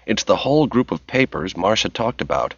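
Man doing a jittery young guy, anxious, evasive, slightly raised pitch, dry sound. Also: sing-song, fairly quick, gravelly, fairly bright tone, slightly rough, no room sound, highs cut off, exaggerated voice. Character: nervous young man sneaking through files.

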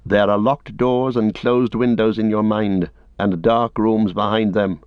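A man's voice: fairly low pitch, fairly even intonation, clean tone, no room sound. A man reading a stern noble captain. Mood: grave. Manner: measured, formal and commanding. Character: stern noble male captain, grave and just. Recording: dry, slightly dull audiobook recording.

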